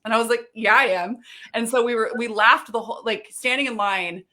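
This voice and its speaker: A woman on a video call telling a funny everyday story in casual chat, animated and quick to laugh. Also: on the high side. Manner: animated, laughing, acts out quoted voices.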